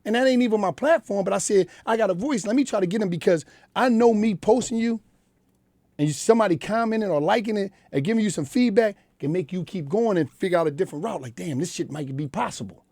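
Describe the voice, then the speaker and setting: A man's voice: sits high, lively intonation, fast, darkish tone, no echo. A middle-aged man with a Philadelphia accent, talking bluntly and profanely as a radio guest in a studio. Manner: blunt, profane street storytelling. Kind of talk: candid interview talk.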